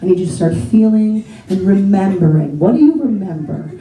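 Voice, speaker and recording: A woman voicing a calm dad who slowly talks his child through a meditation, in a low, droning tone. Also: close to an everyday voice. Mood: soothing. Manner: slow, low, hypnotic instructions. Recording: echoey theater from far, audience laughter.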